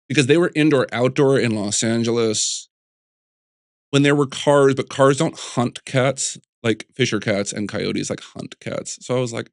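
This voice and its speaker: A man who sculpts, chatting as an interview guest, telling animated stories full of restarts and little voices. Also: medium pitch, moderate pace, gravelly, dry recording, studio quality. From United States. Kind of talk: casual interview chat.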